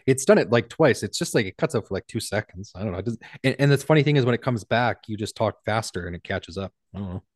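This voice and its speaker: A man's voice: fairly low pitch, lively intonation, fast talker, hardly any pauses, no echo, clean studio sound. A man from Canada, a business owner, chatting candidly as a podcast guest and rambling through frequent restarts. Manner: candid, rambling, self-deprecating with many restarts. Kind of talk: casual interview chat.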